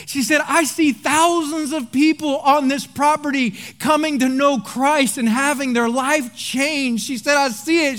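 A man preaching a sermon as pastor, telling a story with animated energy and then dropping into quiet, earnest appeals. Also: very high voice, normal speed, few pauses.

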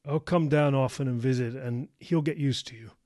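A man's voice: mid-range voice, normal speed, no echo, studio quality, voice pushed up, lightly acted. A man voicing a candid young woman. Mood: earnest. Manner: calling out loud.

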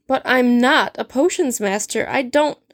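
A woman's voice: fairly high pitch, a little slow, pitched above the performer's own voice. Woman voicing an indignant teenage schoolgirl. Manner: flustered, rising and protesting.

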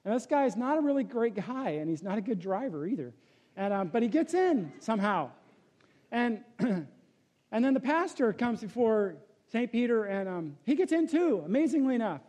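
A man preaching a sermon as pastor, telling a joke story and then dropping to a hushed, earnest tone. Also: extremely high pitch, sing-song, moderate pace. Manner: storytelling with jokes, swings from loud to hushed.

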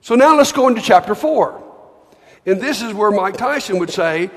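Casting: male pastor, high-pitched, chatty and repetitive, sermon delivery, long hall reverb. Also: animated. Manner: conversational, repeats words, reads scripture slowly. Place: church hall.

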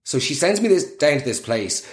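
A man's voice: a little high, sing-song, fairly quick. A young man telling a rambling, self-deprecating comic story in casual chat, full of fillers.

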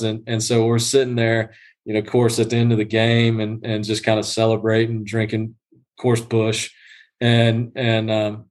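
Male podcast guest, casual, rambling storyteller, mid-pitched voice. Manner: rambling storyteller with many restarts and fillers. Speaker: guest groundskeeper. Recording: livestreamed podcast.

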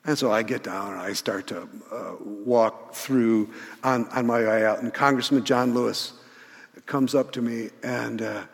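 A man in his sixties telling a story in a sermon, animated, often restarting his words. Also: medium pitch, unhurried, creaky. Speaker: pastor. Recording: reverberant church hall.

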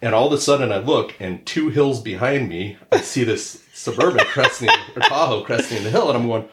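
A middle-aged man co-hosting a podcast, telling a casual story and acting out other people's yelling. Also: mid-range voice, a little fast, heavy background noise. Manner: animated anecdote teller who acts out others' yelling. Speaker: podcast co-host. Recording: roomy echo.

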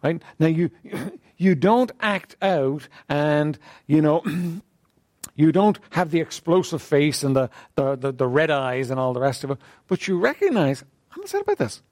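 A man leading a church group in a conversational talk on faith, asking questions of the group and often clearing his throat. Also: on the high side, animated, unhurried, a little mellow, no room sound, clean studio sound.

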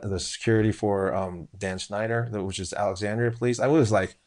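A man who runs a food truck, telling a story as a guest in casual chat, animated and full of restarts. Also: fairly low pitch, fairly quick. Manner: animated, acts out quotes in a raised voice; frequent restarts and fillers.

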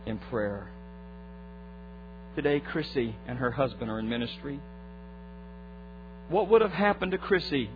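A man preaching a sermon, retelling a family story and acting out its voices, moving from hushed tones to fervent appeals. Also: high voice, vocal fry. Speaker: pastor. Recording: muffled lo-fi recording with faint hum.

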